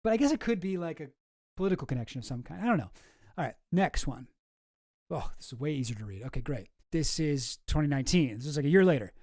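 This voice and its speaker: A man's voice: fairly high pitch, lively intonation, fast, darkish tone, dry recording, clean studio sound. A man hosting a casual commentary, reading messages aloud with sarcasm, laughter and swearing. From outside the US. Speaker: commentary host.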